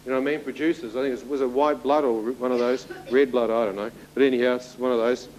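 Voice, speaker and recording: A man's voice: mid-range voice, fairly even intonation, quick pace, a little mellow, rough recording. A man in his thirties giving a spoken testimony to an audience, telling his story vividly and turning to the listeners with asides. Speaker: testimony speaker.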